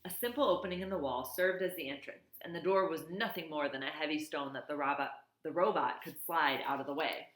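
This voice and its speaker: A woman's voice: low voice, brisk, hardly any pauses, a bit bright, roomy sound, poor audio. A woman reading a children's novel aloud, in a plain read-aloud manner with small slips and self-corrections. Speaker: reader.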